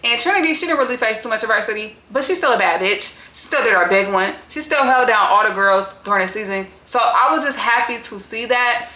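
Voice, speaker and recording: A woman's voice: a little high, a little fast, hardly any pauses, pushed and bright, echoey room. A woman recapping a reality show in a casual, profane and opinionated way.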